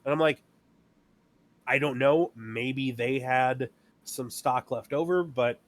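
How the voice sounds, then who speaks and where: Male podcast co-host, mid-pitched, casual storyteller who plays out customer exchanges. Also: takes it slowly, no room sound. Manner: storytelling, acting out customers and himself. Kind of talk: casual chat.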